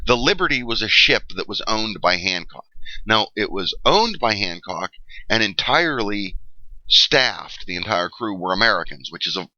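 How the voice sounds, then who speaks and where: Lively, bright-voiced man lecturing a class. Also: lowish voice, moderate pace, no room sound. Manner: explanatory, frequent "okay?" checks, many fillers. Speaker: history teacher. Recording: dull lo-fi dry recording.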